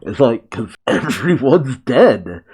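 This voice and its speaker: A man's voice: medium pitch, very animated, slow pace, darkish tone, slightly rough. A man hosting an anime reaction, talking casually and gushing, laughing often and openly emotional.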